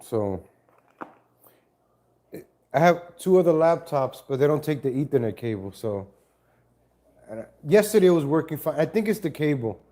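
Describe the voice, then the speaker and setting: A man's voice: fairly high pitch, sing-song, moderate pace, pauses often, mellow. A man hosting a casual live stream from home on a laptop mic, rambling and correcting himself as he greets viewers. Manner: rambling, self-correcting, chats to viewers and cat.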